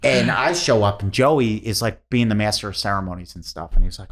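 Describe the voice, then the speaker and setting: A man's voice: on the low side, fairly quick, few pauses, fairly bright tone, a little hiss or hum. A man who does stand-up, telling a rambling story as a podcast guest and breaking into laughter as he goes. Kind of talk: casual storytelling.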